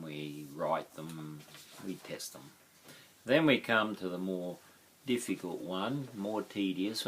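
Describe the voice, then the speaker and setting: Slow, deep-voiced Australian male teacher. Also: fairly bright tone, a little hiss or hum. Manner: slow, sounds out words syllable by syllable. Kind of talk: teaching explanation.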